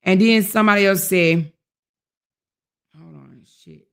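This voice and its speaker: A woman's voice: medium pitch, steady tone, unhurried, a bit bright, smooth. A woman hosting a casual livestream, speaking directly to her viewers and reading their chat comments aloud. She is indignant and emphatic, and she repeats her points.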